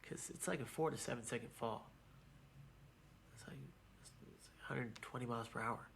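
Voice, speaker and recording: A man telling a personal story in a documentary interview, halting and repeating his words as he goes. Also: medium pitch, creaky, fairly bright tone, a little hiss or hum. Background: music.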